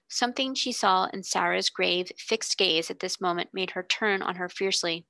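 A woman tutor reading a classic novel aloud in a steady, expressive way. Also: on the low side, normal speed, gravelly, hardly any pauses, dry recording.

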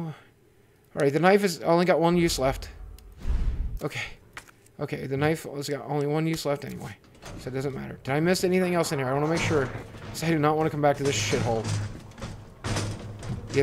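A man's voice: on the high side, a little fast, pauses often, slight background noise. A young man hosting a horror game playthrough, jumpy and panicky, swearing and repeating himself over and over. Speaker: gaming video host. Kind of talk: let's play commentary.

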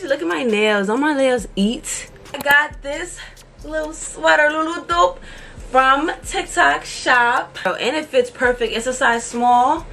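A woman's voice: high-pitched, pushed and bright, slight background noise. Bubbly young woman vlogging in slang. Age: 20s. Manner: bubbly, slangy, talks to viewers. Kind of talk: casual vlog chat to camera.

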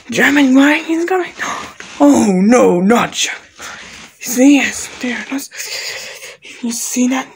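A woman voicing every character of a homemade cartoon, excitable and broken in her phrasing, jumping between squeaky highs and gruff lows. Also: slight background noise. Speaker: fan animator voicing all characters.

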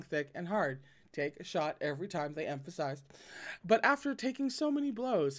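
A man reading a novel aloud with commentary, often stumbling, correcting himself and breaking off into joking asides. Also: a little high. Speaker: reader and commentator.

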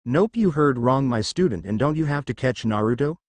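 A man's voice: mid-range voice, animated, fairly quick, a little mellow, dry recording, close to an everyday voice. Evasive grown ninja sensei, sheepish, voiced by a male reader, dry close sound. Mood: flustered. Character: lazy adult male ninja teacher, evasive.

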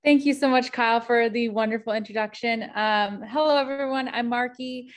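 A young woman from Wisconsin presents to an online audience over a video call. Her voice sits a little high, and she talks in a loose, friendly way with frequent ums and uhs. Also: steady tone, moderate pace. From Wisconsin, USA. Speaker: guest presenter. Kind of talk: casual webinar presentation.

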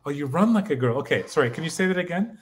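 A man learning in a casual chat, halting as he guesses meanings aloud and asks for phrases to be repeated. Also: a little high, expressive. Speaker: co-host and learner.

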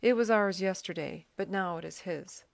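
A woman's voice: lowish voice, normal speed, creaky, no room sound. A woman reading the lines of a self-assured male army officer who eagerly explains and points things out, in an audiobook. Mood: explaining.

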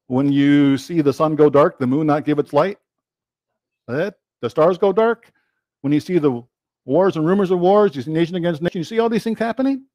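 High-voiced animated male preacher. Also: a little fast, dry recording, lo-fi sound. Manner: animated, quotes scripture and acts out rhetorical dialogue. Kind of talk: sermon.

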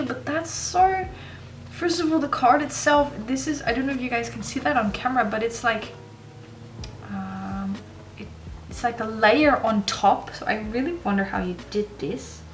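A woman vlogger chatting casually to camera as she opens fan mail, gushing and excitable. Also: a little high. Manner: gushing, excitable, gasps and laughs often. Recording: echoey room with faint noise.

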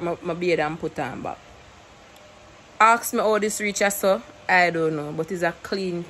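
A woman's voice: medium pitch, expressive, moderate pace, a bit bright, a little hiss or hum, rough recording. A young woman with a Jamaican accent chatting casually to her camera, mixing English with patois and laughing often. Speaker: YouTuber. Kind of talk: casual vlog chat to camera.

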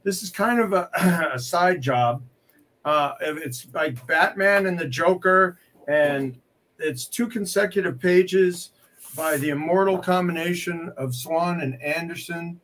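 A man's voice: on the high side, slow pace, a bit bright. A man working as a comic art dealer, selling pieces on a live stream with playful, clowning banter and mock French. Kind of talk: joking live sales banter.

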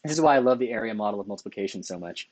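A man's voice: on the low side, expressive, rapid-fire, darkish tone, no room sound. A man teaching a math lecture over slides, enthusiastic, correcting himself often and asking "right?" as he goes. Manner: enthusiastic, self-correcting, asks rhetorical questions with "right?".

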